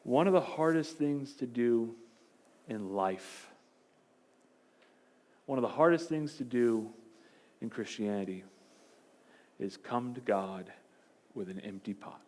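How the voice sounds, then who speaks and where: Pastor guy preaching, storytelling, goes soft and quiet for emphasis. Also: medium pitch, slow pace, long pauses. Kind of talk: sermon.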